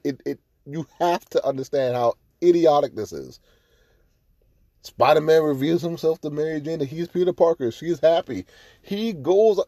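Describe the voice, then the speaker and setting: Male podcast host, casual profane rant, mellow timbre, dry close mic. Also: fairly high pitch, no room sound. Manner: profane, ranting, growing heated. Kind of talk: casual review chat.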